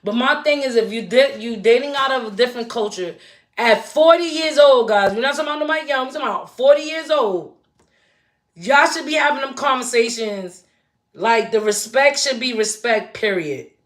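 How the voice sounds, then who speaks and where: A woman's voice: on the high side, expressive, moderate pace. A woman in her forties, hosting a casual livestream chat, talking straight to her viewers in a chatty, emphatic way. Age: 40s. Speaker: livestream host.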